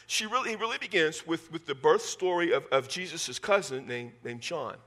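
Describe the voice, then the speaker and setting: Bright-voiced pastor in his fifties. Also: fairly high pitch, animated, moderate pace. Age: 50s. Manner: folksy, repeats words when restarting, jokes with the congregation. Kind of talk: sermon.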